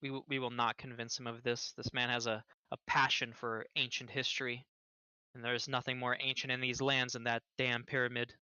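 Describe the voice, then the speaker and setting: A man's voice: mid-range voice, level tone, a little fast, pushed and bright, clean tone, dry recording. A man voicing a blunt, practical male adventurer, matter-of-fact, on a dull, dry mic.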